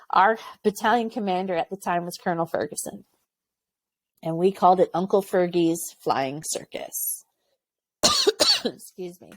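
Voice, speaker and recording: A woman's voice: medium pitch, dry recording. Candid woman telling war stories, dry sound. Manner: candid, lively storytelling with quoted voices and laughter. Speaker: podcast guest, former Army aviation medic. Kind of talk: casual storytelling interview.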